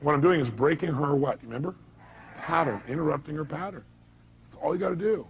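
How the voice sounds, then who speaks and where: A man's voice: fairly high pitch, lively intonation, fast, rough recording. A man giving an emphatic motivational speech to a live audience, firing off rhetorical questions. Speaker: motivational speaker.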